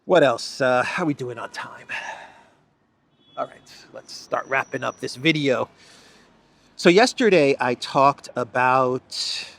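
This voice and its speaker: A man's voice: medium pitch, slow pace, gravelly, pauses often, a bit bright. A man hosting a solo news commentary, talking in an emphatic, sarcastic way with frequent restarts. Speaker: political commentary host.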